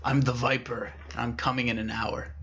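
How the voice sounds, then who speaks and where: A man voicing a raspy, menacing male phone caller, speaking low and hushed, on dull lo-fi audio. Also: little pitch movement, normal speed, a little hiss or hum.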